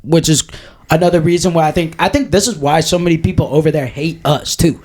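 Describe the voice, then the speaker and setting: A man's voice: a little high, fairly even intonation, a little fast, a little mellow, slightly rough. A man co-hosting a podcast in casual chat, talking in a profane, rambling, jokey way. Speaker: podcast co-host.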